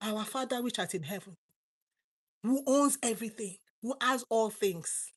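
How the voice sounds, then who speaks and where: Middle-aged Nigerian woman preacher with a raised pitch. Fervent, with loud bursts and quiet asides. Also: normal speed, husky. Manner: fervent, swinging between loud exclamations and low asides. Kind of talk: sermon.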